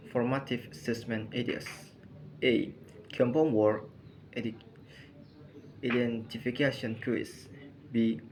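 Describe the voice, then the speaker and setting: A man reads a lesson aloud at a very slow, halting pace, breaking his sentences into short phrases. His pitch sits in a middle range. A faint hiss of noise runs under the recording. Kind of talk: reading a lesson on compound words.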